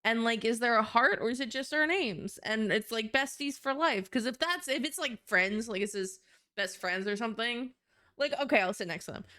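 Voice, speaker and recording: A woman's voice: on the high side, expressive, normal speed, bright, forceful tone. A young woman streamer in casual live-stream chat, rambling with lots of fillers and casual swearing.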